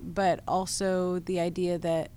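A woman musician talking about her songwriting in an interview, thoughtful and hesitant with many pauses and fillers. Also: on the low side, little pitch movement, mellow, a little hiss or hum. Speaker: musician guest. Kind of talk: conversational interview.

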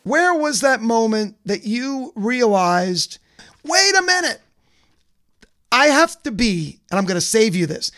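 High-voiced male interviewer. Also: big pitch swings, slow pace, bright, forceful tone. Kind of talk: conversational interview.

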